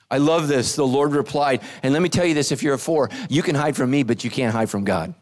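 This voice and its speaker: A middle-aged man preaching a sermon with animated delivery, acting out quotes in shifting voices. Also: on the high side, a little fast, hardly any pauses. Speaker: pastor.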